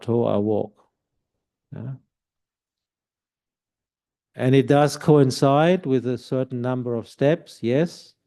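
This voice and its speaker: A man, a Buddhist monk, giving calm, explanatory meditation instruction at a retreat centre, sometimes softly demonstrating a mantra. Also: medium pitch, creaky.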